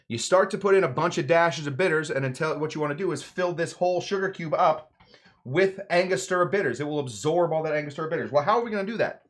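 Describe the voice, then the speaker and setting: Rambling, joking man bartender. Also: fairly high pitch. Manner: playful, rambling, swings between loud emphasis and mumbled asides. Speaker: home bartender host. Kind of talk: jokey live cocktail demo.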